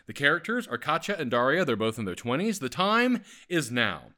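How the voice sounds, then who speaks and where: A man from Atlanta, hosting with lively, joking chat and reading stage directions. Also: medium pitch, a little fast. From Atlanta, Georgia. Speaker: host.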